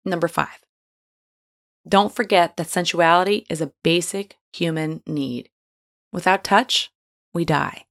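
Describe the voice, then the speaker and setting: Frank, playful woman with a lowish voice. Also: unhurried, pauses often. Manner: frank, playful and encouraging, with casual slang. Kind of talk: scripted advice monologue.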